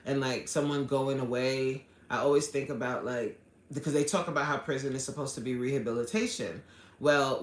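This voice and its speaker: Earnest, bright-voiced coach in an echoey room. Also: male voice, mid-range voice. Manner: earnest and heartfelt, apologizes often, frequent restarts. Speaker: fitness coach and livestream host. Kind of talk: casual livestream chat reading viewer comments.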